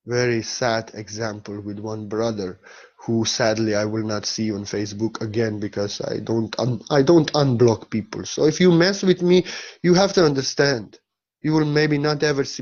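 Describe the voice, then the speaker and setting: A man's voice: mid-range voice, highs cut off. A man speaking as a spiritual teacher in a blunt, emphatic monologue, with non-native phrasing and frequent swearing.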